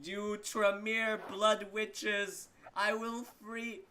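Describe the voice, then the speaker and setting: A defiant stone gargoyle crying out in a high, strained voice with slow, grandiose phrasing, as a man puts him on. The voice sounds bright and forceful, with faint noise behind it. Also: little pitch movement, exaggerated voice. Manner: slow, anguished, grandiose declamation.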